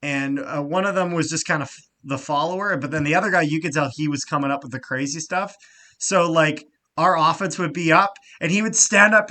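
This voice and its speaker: Bright-voiced guy on a sports podcast, loud and animated, swears a lot, trips over his words. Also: fairly high pitch. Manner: animated, swears freely, gets loud and excited; frequent fillers and restarts. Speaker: podcast co-host. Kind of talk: casual sports chat.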